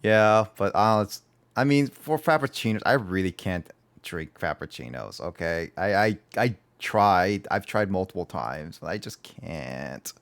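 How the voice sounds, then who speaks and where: Low-voiced man chatting on a game stream. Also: very animated, unhurried. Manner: rambling, repeats words, playful. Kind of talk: casual gaming livestream chat.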